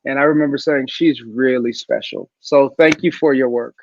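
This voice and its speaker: A man speaking as a guest in a video call interview, an animated storyteller who acts out the voices he quotes. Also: mid-range voice, moderate pace, creaky, dull audio, slight background noise.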